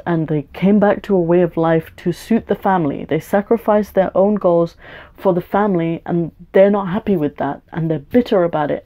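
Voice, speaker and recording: A woman's voice: lowish voice, dark tone. A young woman venting frankly in a personal vlog, swearing often and rambling with restarts. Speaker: vlogger. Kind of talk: personal rant to camera. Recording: dull lo-fi home video audio.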